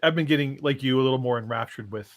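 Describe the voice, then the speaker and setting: A man's voice: mid-range voice, fast. A middle-aged man co-hosting a casual chat show, telling rambling stories and laughing often. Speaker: co-host.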